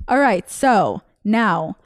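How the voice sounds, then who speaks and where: A woman's voice: medium pitch, animated, slow pace, no echo, studio quality. A young woman hosting a podcast, telling a story in a casual, chatty way, laughing often and acting out the other person's lines. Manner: chatty, laughs often, acts out quoted voices. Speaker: podcast host.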